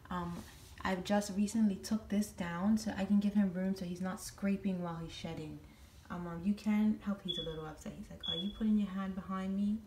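A woman's voice: mid-range voice, a little mellow, slight background noise. A woman talking casually at home, explaining things step by step with many ums and restarts. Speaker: vlogger and pet owner.

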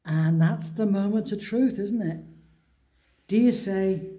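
A middle-aged man from England preaching a sermon, telling a Bible story with lively acted-out dialogue. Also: high voice, slow pace.

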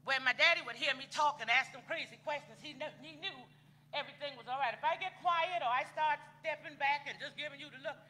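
A woman's voice: high-pitched, brisk, sharp tone. A woman minister, preaching a sermon in a folksy, conversational way and talking straight to the congregation.

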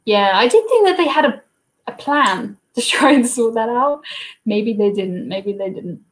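A young woman from England's south coast, with a Southern English accent, hosts a relaxed live cruise Q&A stream from her desk at home, chatting with viewers and answering their questions. Her voice sits a little high, with lively intonation and a slightly slow pace. She reads viewer comments aloud and coos at her dog.

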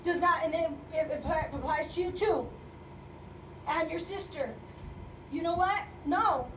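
A woman's voice: extremely high pitch, measured pace, recorded from a distance, slight background noise. A woman pastor preaching a sermon with passion, her voice at times breaking with emotion. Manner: impassioned, rising to fervent calls, voice breaking with emotion. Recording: echoey room, speaker away from mic, faint ambience.

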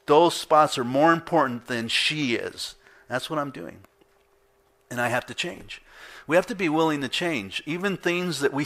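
Animated man preaching, bright voice. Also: medium pitch. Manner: animated storytelling, acting out his own reactions with laughs. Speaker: pastor. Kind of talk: sermon with personal stories. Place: church.

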